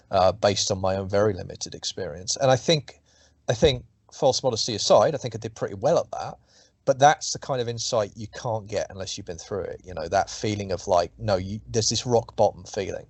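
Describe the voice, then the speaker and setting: A middle-aged author being interviewed talks casually about his writing, rambling, swearing, and restarting sentences. His voice is fairly low in pitch, and the recording has no echo.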